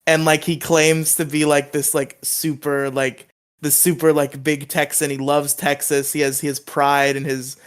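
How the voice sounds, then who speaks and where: A man's voice: a little high, flat delivery, clean tone. Stammering, laughing podcast co-host man. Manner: stammering, restarts a lot, quick laughs. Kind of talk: casual podcast chat.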